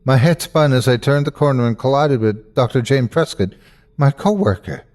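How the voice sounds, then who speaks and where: A man's voice: mid-range voice, normal speed, a little mellow. A man narrating a scripted horror story in first person, tense and breathless in the scary parts.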